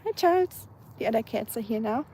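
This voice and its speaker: A German woman in her twenties speaks with a German accent in a high-leaning, expressive, mellow voice at a fairly quick pace. Outdoors feeding stray cats, she chats casually on a live stream and reads viewer comments aloud, with slight background noise.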